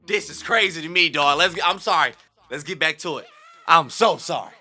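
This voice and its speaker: A young man hosting a reaction video, talking in casual slang, jumping between loud outbursts and low murmurs. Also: lively intonation, brisk.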